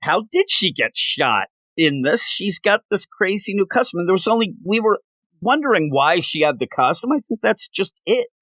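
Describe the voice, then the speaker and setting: A man reviewing comic books in casual chat, animated and acting out quotes in funny voices. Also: high-pitched, moderate pace, no room sound.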